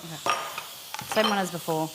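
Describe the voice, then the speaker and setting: A woman's voice: on the low side, moderate pace, very noisy. A woman streaming a live cooking session, thinking aloud and rambling with many restarts as she works in a home kitchen. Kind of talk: casual live cooking chat.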